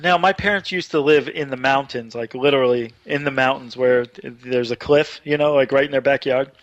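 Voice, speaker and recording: A man telling a long personal story on a talk show, getting animated and louder as it builds. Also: mid-range voice, fairly quick, no echo. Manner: animated, excited retelling with rising voice. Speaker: radio show guest. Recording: dull dry online radio audio.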